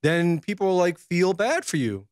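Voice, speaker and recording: A man, a reporter, talking in a measured, hesitant way during a casual political chat. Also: high-pitched, big pitch swings, no room sound, studio quality.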